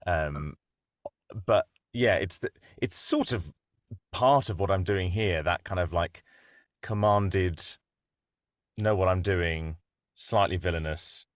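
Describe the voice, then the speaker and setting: A man, a voice actor guest, talking slowly and hesitantly in a casual interview. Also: deep voice, no echo, studio quality. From United Kingdom. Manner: slow, hesitant, thoughtful.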